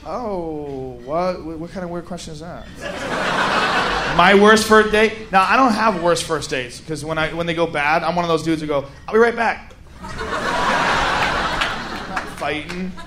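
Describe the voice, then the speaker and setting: A man stand-up comedian doing crude, loud banter with the audience. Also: a little high, a little slow, pauses often. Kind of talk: crowd work. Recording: live venue with crowd and noise.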